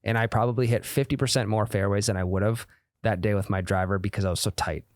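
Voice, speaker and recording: A young man co-hosts a casual golf podcast, joking with his friends and then rolling into sponsor-read patter. His voice sits at a middling pitch. The sound is dry and close, with no room in it. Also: fairly even intonation, fast, no room sound. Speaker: podcast co-host. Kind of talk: casual chat with ad reads.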